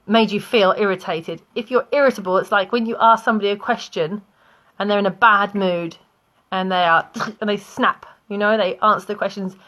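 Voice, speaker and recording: Speaking in a medium-pitched voice that sounds pushed and bright, a young woman with a British accent gives an online English vocabulary lesson. She explains at a slow pace, offering examples and laughing softly now and then.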